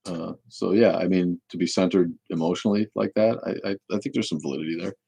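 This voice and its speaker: A man's voice: sits low, fairly even intonation, fast, gravelly, dark tone, slightly rough, dry recording, rough recording. A man hosting a casual livestream Q&A who rambles, restarts his sentences and swears freely. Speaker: host.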